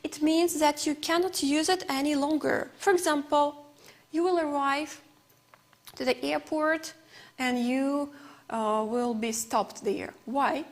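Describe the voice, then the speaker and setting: A woman with an Uzbek accent teaching an English lesson on TV, explaining words slowly and carefully. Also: high-pitched.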